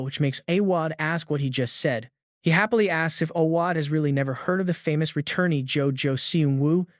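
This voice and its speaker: A man narrating a comic-fantasy story recap in a brisk, dramatic storytelling manner. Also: fairly high pitch, no echo, studio quality.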